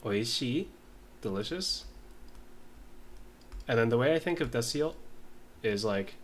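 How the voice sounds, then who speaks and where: A man in a casual study session, reading lines aloud slowly and mumbling as he writes and sounds out words. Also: medium pitch, lively intonation, slight background noise. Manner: slow, mumbling while writing, sounds out words. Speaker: language learner.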